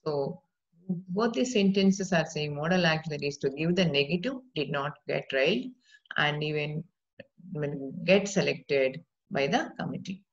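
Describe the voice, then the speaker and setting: A woman teaching a grammar lecture, explaining patiently and reading example sentences aloud slowly. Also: deep voice. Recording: dull lo-fi recording.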